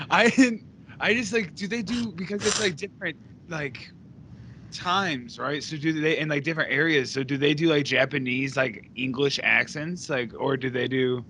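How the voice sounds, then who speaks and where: A man's voice: a little high, moderate pace, pushed and bright, slight background noise. A man hosting a casual podcast chat, rambling with lots of fillers and laughing often. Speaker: podcast host.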